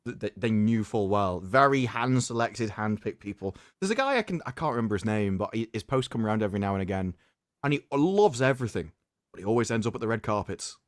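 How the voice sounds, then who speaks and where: A man's voice: mid-range voice, no room sound, clean studio sound. Rambling man in a casual stream chat. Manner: rambling, stammers on repeated words, chuckles.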